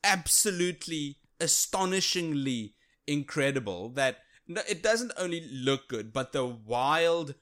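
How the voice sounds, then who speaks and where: Man, podcast co-host, bright forceful tone, eager, halting delivery with fillers. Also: a little high, expressive. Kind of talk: casual chat.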